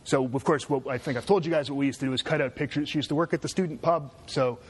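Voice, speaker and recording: A man's voice: mid-range voice, quick pace, slight background noise. A man giving a casual classroom lecture, often checking in with his students with "right?". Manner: chatty, asks students "right?".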